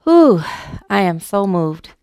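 Smooth-voiced woman preaching a sermon. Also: mid-range voice, measured pace, no echo, clean studio sound. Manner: warm, animated, laughs easily, repeats words. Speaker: minister. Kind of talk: sermon with a humorous story.

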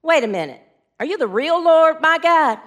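A frightened man dangling over a drop pleads in a high, frantic voice, as a woman preacher acts him out. His voice is loud and shrill. It comes from a joke told from the pulpit. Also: lively intonation, normal speed. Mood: panicky. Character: panicky man hanging from a cliff.

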